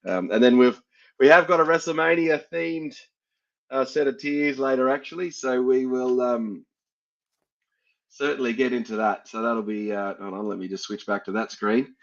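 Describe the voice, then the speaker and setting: A man's voice: medium pitch, fairly even intonation, normal speed, vocal fry. An Australian man hosting a sports podcast, chatting casually and laughing at his own fumbles. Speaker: podcast host. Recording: dull lo-fi sound.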